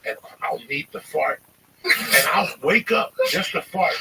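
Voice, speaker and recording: A man in his fifties from New Jersey, telling profane stories in an animated, emphatic way. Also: on the high side, measured pace, creaky, recorded from a distance, slight background noise, rough recording. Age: 50s. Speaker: comedian guest. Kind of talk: casual storytelling.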